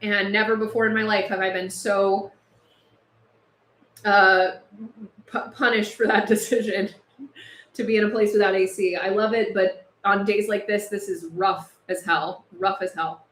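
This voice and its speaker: A woman's voice: medium pitch, little pitch movement, moderate pace, pauses often, a bit bright, echoey room. A woman hosting a livestream, chatting casually and speaking out with passion, overheated in a house with no air conditioning. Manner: impassioned, chatty, laughs between points. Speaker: livestream host.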